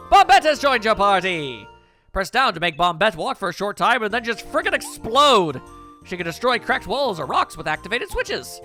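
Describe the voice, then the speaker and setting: A man joking his way through a video game with silly exclamations and a lively, bouncing delivery. His tone is bright, and soft game music plays under him. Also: sits high, normal speed. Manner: goofy, jokey, silly exclamations. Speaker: let's play commentator. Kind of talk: casual gameplay commentary.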